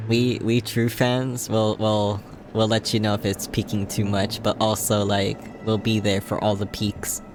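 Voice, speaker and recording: A man's voice: on the low side, flat delivery, measured pace. Giggly, tired livestream host guy. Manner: playful, giggly, chatting to viewers. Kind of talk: casual game-stream chat. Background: game music.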